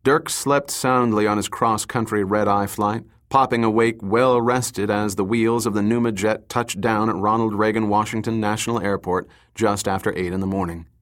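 A man giving measured, scripted audiobook narration. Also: fairly low pitch, a bit bright.

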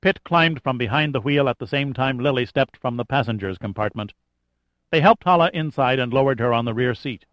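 A man giving steady scripted narration of a thriller audiobook. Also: medium pitch, fairly quick, no echo. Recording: dull lo-fi dry recording.

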